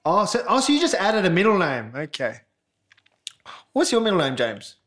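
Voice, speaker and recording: A man's voice: sits high, very animated, moderate pace, fairly bright tone. A man co-hosting a podcast in casual banter, teasing and laughing often. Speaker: podcast co-host.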